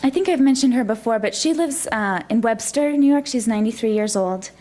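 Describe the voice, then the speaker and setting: A woman minister preaching a gentle, reflective sermon in a church. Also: a little high, lively intonation, a little fast.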